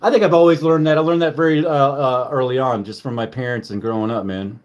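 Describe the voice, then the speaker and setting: A man's voice: medium pitch, steady tone, fast. A man hosting a casual livestream, rambling loosely with lots of fillers and swearing. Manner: loose, profane, filler-heavy. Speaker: livestream host.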